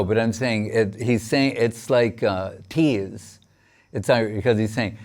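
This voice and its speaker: A man, a spiritual teacher, giving a sermon on scripture in a halting way, reciting verses and restarting often. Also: fairly low pitch.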